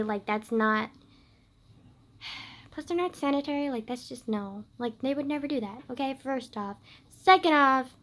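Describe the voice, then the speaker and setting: Talking to the camera in a relaxed way, a vlogger in her late teens tells a story and says "like" constantly. Her voice is on the high side, and she alternates between loud bursts and hushed asides.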